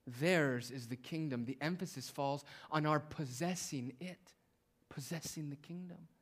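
A male preacher delivering a sermon, drawing out quiet phrases slowly and then rising to loud, emphatic declarations. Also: on the high side. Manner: swings between hushed, drawn-out phrases and loud emphatic declarations.

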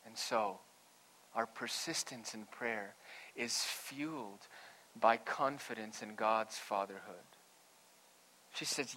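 Guy preaching a sermon, bright clear voice, goes quiet then gets loud and punchy. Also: on the low side, takes it slowly, pauses often, slight background noise, poor audio. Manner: dramatic, swings from hushed to loud and emphatic. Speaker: pastor.

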